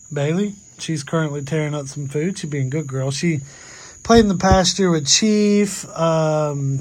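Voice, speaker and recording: A man's voice: a little high, dry recording. A young man who chats casually about his farm animals and coos at his dogs. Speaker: farm vlogger. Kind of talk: casual vlog narration. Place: outdoors on a farm. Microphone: wireless clip-on mic. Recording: outdoor farm noise behind.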